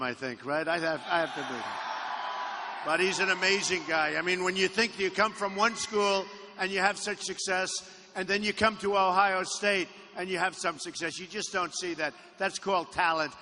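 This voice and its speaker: In a crowd-filled aircraft hangar, a presidential candidate rambles and boasts at a campaign rally, frequently repeating his lines. His voice is high-pitched, bright and forceful at a moderate pace, recorded with echo and faint background noise.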